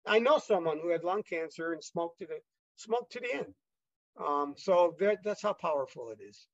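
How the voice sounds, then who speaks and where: A man guest with a fairly high voice tells his story in a casual, rambling way, stumbling over restarts and acting out what others said. The recording sounds dull and lo-fi, close and without room echo. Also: expressive, normal speed. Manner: rambling, many fillers and restarts, re-enacts dialogue.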